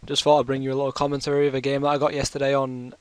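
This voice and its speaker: A man's voice: medium pitch, completely flat delivery, very fast, clear, resonant tone, no echo. A British man with a sore throat, telling a long rambling story in casual chat over his gameplay. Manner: rambling, chatty, full of fillers. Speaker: gaming commentator.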